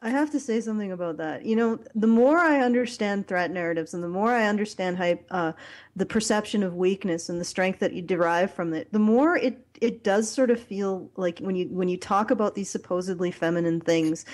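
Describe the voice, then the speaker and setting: A woman hosting a casual podcast chat, talking in a rambling, halting way with many fillers and restarts. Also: lowish voice, a little mellow. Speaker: podcast host.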